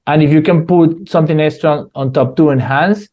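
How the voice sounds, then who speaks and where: A man's voice: on the high side, fairly quick, dark tone. A man co-hosting a casual podcast as a DJ, telling stories with frequent laughs and restarts. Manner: laughing, rambling storyteller. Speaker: podcast co-host, DJ. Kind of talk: casual chat.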